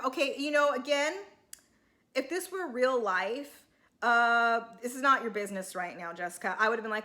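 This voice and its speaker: A woman's voice: fairly high pitch, expressive, brisk, sharp tone. A woman giving a casual, heated recap of a reality show, chatty and full of filler words.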